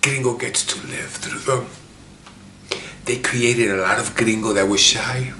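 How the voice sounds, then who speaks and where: A man's voice: mid-range voice, fairly even intonation, unhurried, sharp tone, roomy sound, slight background noise. A man from Chicago telling his own life story in an earnest, emotional, repetitive way, close to tears. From Chicago, USA. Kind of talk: emotional personal monologue.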